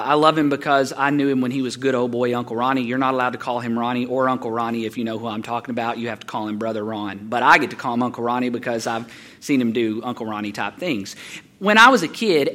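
Fast, bright-voiced preacher. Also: male voice, mid-range voice. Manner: animated, folksy storytelling. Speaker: pastor. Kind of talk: sermon with storytelling.

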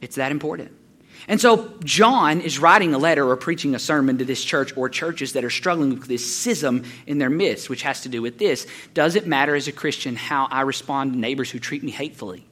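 A male pastor, preaching a sermon in an animated, folksy storytelling manner. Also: medium pitch, a little fast.

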